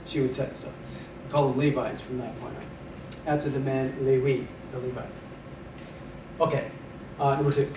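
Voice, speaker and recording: In a recorded lecture, a male Hebrew instructor drills vocabulary by repeating each word and slips in dry puns. His voice is medium-pitched, steady and somewhat dark at a normal speed. The room is echoey, the mic distant, with faint background noise.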